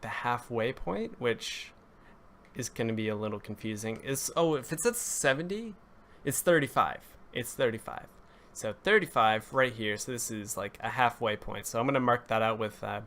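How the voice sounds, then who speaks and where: In a mid-range, slightly bright voice, a young man streams himself building and talks casually throughout. He wanders off topic, corrects himself, says hi to viewers and responds to chat, his voice cracking from time to time.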